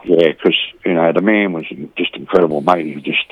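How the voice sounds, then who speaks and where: Rambling Australian bloke saying "mate" constantly. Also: male voice, low voice, fairly quick, slightly rough, dry recording, lo-fi sound. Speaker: boxing community volunteer, interview guest. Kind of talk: casual interview chat.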